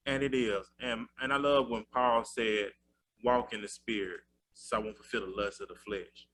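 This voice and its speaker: A man's voice: mid-range voice, fairly even intonation, normal speed, fairly bright tone. A man hosting a casual faith talk show, conversational and quoting scripture.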